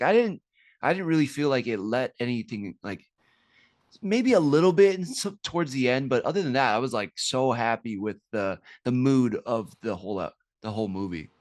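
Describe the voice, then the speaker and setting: A man's voice: medium pitch, dry recording, studio quality. A man co-hosting a podcast, talking casually about a movie and rambling through fillers and restarts. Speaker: podcast co-host.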